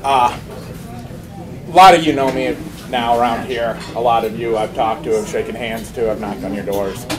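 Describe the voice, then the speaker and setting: A man's voice: medium pitch, steady tone, normal speed, crowd noise. A man running for mayor, giving an impassioned, emphatic campaign speech. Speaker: mayoral candidate. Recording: noisy room recording.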